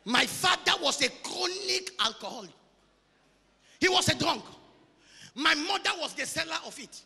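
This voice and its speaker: A man with a Nigerian accent preaching a sermon in an emphatic, sing-song way with shouted peaks. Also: very high-pitched, expressive, normal speed, gravelly, in a large hall. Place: large church hall.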